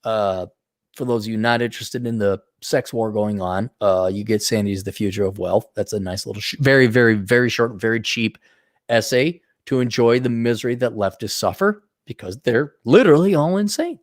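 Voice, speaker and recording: A man's voice: fairly low pitch, normal speed, dry recording, studio quality. A man hosting a livestream, reading out viewer donations and rambling off into sarcastic, mocking tangents. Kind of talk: casual livestream rant.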